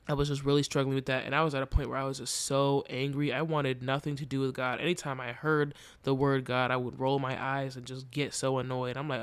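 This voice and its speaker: A man's voice: medium pitch, level tone, fairly quick, clear, resonant tone, dry recording. Earnest young man, dry close sound. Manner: earnest, reflective, emotionally open. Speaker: podcast host. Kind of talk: candid personal monologue.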